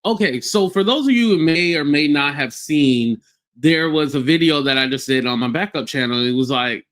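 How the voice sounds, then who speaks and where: A young man hosts a live-streamed podcast and rants bluntly, swearing freely and stopping to greet viewers by name. His voice sits a little high for a man. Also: animated, moderate pace, fairly bright tone. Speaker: podcast host.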